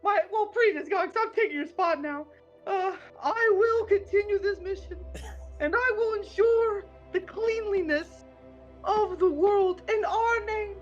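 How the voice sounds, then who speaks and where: Woman playing a very high-voiced, fervent male zealot, teary and earnest, on a dull lo-fi mic. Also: measured pace, soft background music. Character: devout male cleaning zealot, earnest and emotional.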